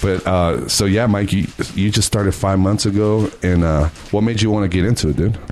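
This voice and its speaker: Deep laid-back male host. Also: moderate pace, darkish tone, slight background noise. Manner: laid-back, says dude and bro. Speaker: podcast host. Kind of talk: casual podcast chat.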